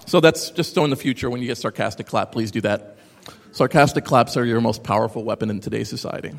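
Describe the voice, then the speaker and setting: A man giving a live talk to an audience, animated and sarcastic, rambling through asides. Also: medium pitch, quick pace, gravelly, big-room sound. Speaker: conference speaker. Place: large hall with audience.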